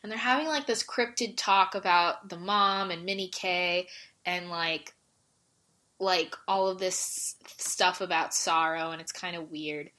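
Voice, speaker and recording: A woman's voice: fairly low pitch, a little slow, pushed and bright. A woman co-hosting a casual podcast, gushing emotionally about a series with lots of "like" fillers. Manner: emotional, gushing, heavy use of "like". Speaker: podcast co-host. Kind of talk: casual recap chat.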